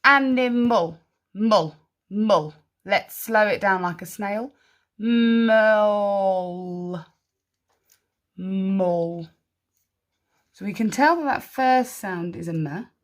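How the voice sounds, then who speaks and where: A woman leads a spelling lesson for children at an unhurried pace. She stretches out each word, sounding out syllables and single sounds with care, and praises the right answers warmly. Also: mid-range voice. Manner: slow, clearly sounding out words and syllables. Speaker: primary school teacher.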